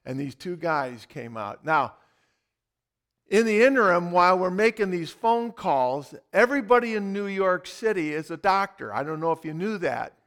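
A male pastor with a fairly high voice delivers a sermon. He tells his story in an animated, dramatic way before turning to scripture. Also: normal speed.

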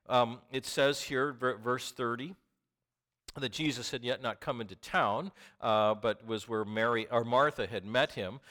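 A man preaching a sermon who reads scripture and questions his listeners, dropping to a whisper and then rising to loud outbursts. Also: medium pitch. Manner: swings from hushed whispers to loud impassioned outbursts.

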